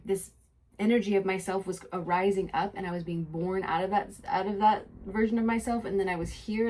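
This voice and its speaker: Soft-spoken reflective woman podcaster. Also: mid-range voice. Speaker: podcast host. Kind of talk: mix of reflective spoken narration and casual chat.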